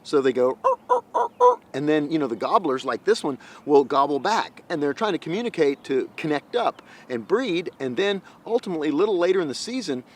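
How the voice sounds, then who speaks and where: A man hosting a hunting show, giving excited outdoor commentary in the field, at times dropping to a hushed voice. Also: a little high.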